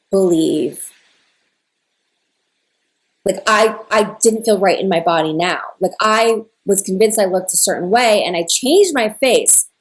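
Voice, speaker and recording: A young woman telling a personal story in a casual, rambling way, full of "like" and emotional retellings of a conversation. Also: mid-range voice. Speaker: spiritual content creator.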